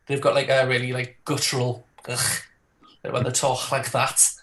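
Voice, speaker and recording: Un cómico de Newcastle con acento geordie, que charla en tono de broma en un programa de llamadas. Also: male voice, mid-range voice, completely flat delivery, moderate pace, fairly bright tone. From Newcastle, England. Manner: jokey, mimics regional accents. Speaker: comedian guest. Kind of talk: casual chat on a call-in show. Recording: roomy echo.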